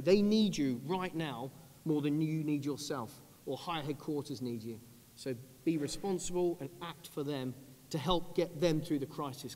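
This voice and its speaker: A British man in his thirties, an army officer speaking on a conference panel, earnest and measured, going low and quiet on grave points. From United Kingdom. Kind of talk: panel talk. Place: large conference hall. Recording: long hall reverb.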